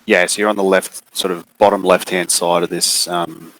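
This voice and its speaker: A man running a tabletop game as game master, describing scenes in an unhurried, hesitant way with many fillers. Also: deep voice, level tone, creaky, a bit bright, slight background noise, low-quality recording.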